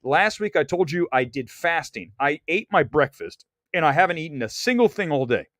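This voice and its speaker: A man's voice: a little high, expressive, normal speed, fairly bright tone, dry recording, clean studio sound. A man hosting a live movie-talk stream, blunt and opinionated, rambling and restarting as he goes. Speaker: livestream host. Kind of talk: animated live-stream chat.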